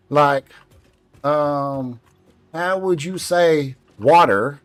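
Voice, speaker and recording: A man's voice: mid-range voice, expressive, unhurried. A man streaming a game, chatting casually in a rambling way, with lots of fillers and some swearing.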